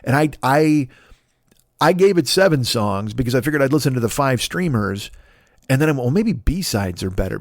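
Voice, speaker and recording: A man's voice: medium pitch, creaky, no echo. A man, a comedian hosting his podcast, rambling through a playful, profane solo monologue on a close mic.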